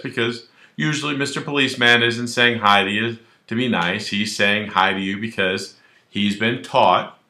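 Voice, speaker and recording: A man's voice: mid-range voice, sharp tone, echoey room. A male attorney explaining the law in a casual, colloquial way, acting out little scenes as he goes. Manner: colloquial and wisecracking, acts out quoted dialogue. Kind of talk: legal explainer video, casual direct-to-camera talk.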